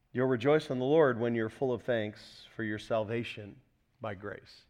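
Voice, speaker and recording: A male pastor preaching a sermon, asking the congregation rhetorical questions and swinging between loud, emphatic passages and quieter, softer ones. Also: medium pitch, highs cut off.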